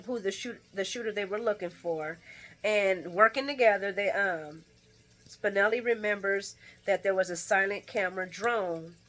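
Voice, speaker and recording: Bright-voiced woman recapping a soap. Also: mid-range voice. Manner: animated storytelling, acts out characters' lines and laughs often. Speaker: soap opera recap host. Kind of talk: casual daily recap commentary.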